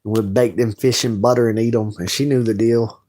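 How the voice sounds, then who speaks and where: A man's voice: mid-range voice, fairly even intonation, a little fast, mellow. A man ranting bluntly and rambling on a late-night livestream from home, swearing often. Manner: blunt, rambling, heavy profanity. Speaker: livestream host.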